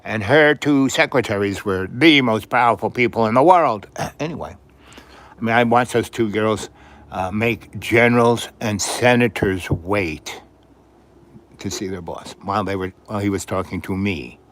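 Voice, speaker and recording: An older man from New York City rambles through personal stories on his live stream. His voice sits a little low, and he keeps stopping to clear his throat and cough. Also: normal speed, a bit bright. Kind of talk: rambling storytelling.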